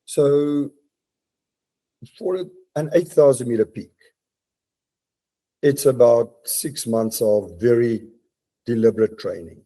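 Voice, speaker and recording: Mellow-voiced man. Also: mid-range voice, slow, pauses often. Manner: reflective, with frequent restarts. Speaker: guest, mountaineer and business leader. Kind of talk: casual podcast interview. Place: home study.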